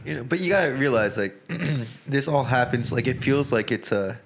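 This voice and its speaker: A man's voice: mid-range voice, expressive, moderate pace. A man hosting a podcast, chatting casually and swearing for emphasis. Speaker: podcast host. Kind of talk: casual chat.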